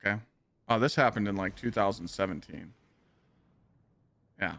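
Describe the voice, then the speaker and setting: A man streaming a game who tells a long anecdote in a casual, profane, animated way and acts out the lines of the people in it. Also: on the low side, moderate pace, creaky, no room sound. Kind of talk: casual storytelling while gaming.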